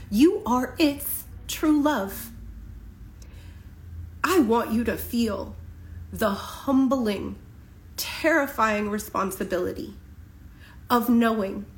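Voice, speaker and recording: A woman with a slightly high voice delivers a spiritual tarot reading to a general audience. She speaks with passion and emphasis, and she leans on slow, deliberate pauses to drive each point home. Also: a little mellow, reverberant, rough recording. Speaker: tarot reader.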